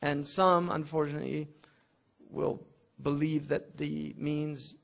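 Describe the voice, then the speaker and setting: A man's voice: fairly high pitch, flat delivery, slow, gravelly. A man teaching logic as an Islamic scholar, explaining a classical text in a conversational classroom lecture and mixing Arabic terms into his explanations.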